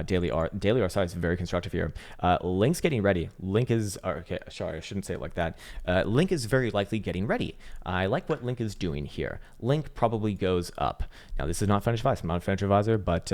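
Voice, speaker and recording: A man's voice: low voice, a little mellow. A man hosting his channel, giving laid-back, joking and profane commentary on crypto charts. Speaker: crypto market analyst, channel host.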